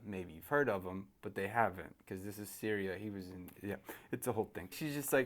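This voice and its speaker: A man in his thirties, a youth ministry host, retelling a Bible story casually and acting out the characters in quick asides. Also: lowish voice.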